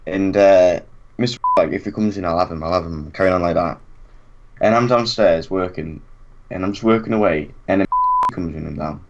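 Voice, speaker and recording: Low-voiced man telling a story. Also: moderate pace, noisy background. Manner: animated anecdote, acts out quotes, laughs often. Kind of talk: casual chat. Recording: dull lo-fi recording.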